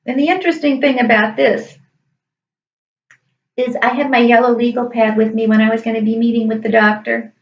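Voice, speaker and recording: A middle-aged woman, a high school teacher, telling a personal story in an earnest, emotional, emphatic way. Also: little pitch movement, brisk. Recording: echoey room, distant dull mic.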